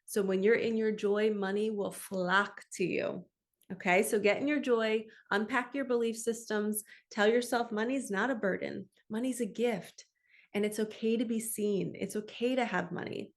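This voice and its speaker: A middle-aged woman, a spiritual coach, giving a soft, affirming motivational talk to camera and slowing down for the self-talk phrases. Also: medium pitch, fairly even intonation.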